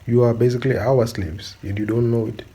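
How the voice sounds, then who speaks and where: A man's voice: medium pitch, steady tone, brisk, warm tone, slightly rough, poor audio. A man, giving opinionated commentary as a channel host and asking his viewers again and again whether they understand. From South Africa. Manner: preachy, repeatedly asks "do you understand?".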